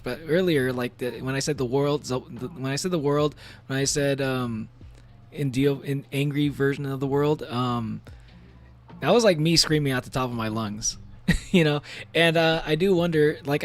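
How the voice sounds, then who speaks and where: Male streamer, mid-range voice, casual rambling chat with frequent laughs, faint music under it. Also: medium pitch. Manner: rambling, animated, laughs often between thoughts. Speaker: VTuber streamer. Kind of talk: casual live-stream chat while gaming. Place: at home.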